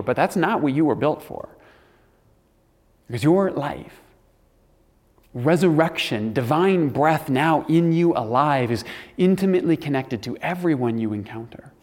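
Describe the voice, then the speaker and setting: A man's voice: fairly high pitch, darkish tone, long reverb tail. A man giving a sermon, reflective and earnest, with the odd dry aside. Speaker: preacher.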